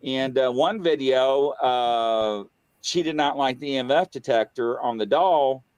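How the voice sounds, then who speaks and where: A man casually telling a story on a talk show, acting out the dialogue and jumping high in pitch when he gets excited. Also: unhurried, smooth, dry recording. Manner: animated, acts out quoted dialogue, voice jumps high when excited. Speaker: guest on a paranormal talk show.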